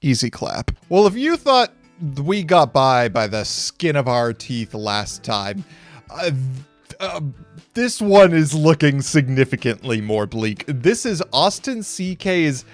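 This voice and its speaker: Soft music plays under a dry recording of a man commentating card game duels on YouTube. He's hiccuping, his higher voice sing-song and slow, and he stays wry and upbeat, chatting casually with viewers as folks.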